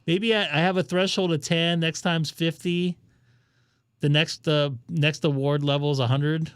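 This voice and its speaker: A man's voice: on the high side, fairly even intonation, unhurried, smooth, no room sound. Man, ham radio stream host, jokey and rambling, dry close sound. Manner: joking, rambling, thinks aloud while browsing. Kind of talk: casual live-stream chat.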